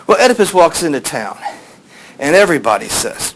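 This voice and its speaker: A man's voice: fairly high pitch, very animated, fairly quick, a little hiss or hum, poor audio. Casual male teacher telling a story. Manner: rambling, with fillers, playing voices in quotes.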